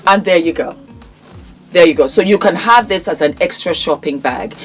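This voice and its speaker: A woman's voice: fairly low pitch, moderate pace, faint music behind. A woman with a Nigerian accent presenting products in a chatty vlog, effusive and fond of calling viewers "my darling".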